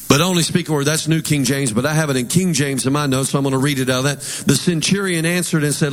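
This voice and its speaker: A man's voice: fairly high pitch, fairly quick, few pauses. Emphatic male preacher in a reverberant hall. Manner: emphatic, call-and-response preaching. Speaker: pastor. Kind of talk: sermon.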